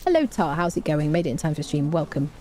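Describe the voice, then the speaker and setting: A woman chats her way through a live game stream in a fairly low, warm and mellow voice. She reads out viewer messages and hums to herself while crafting, over a faint background hiss. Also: very animated, quick pace. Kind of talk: casual live-stream gameplay chat.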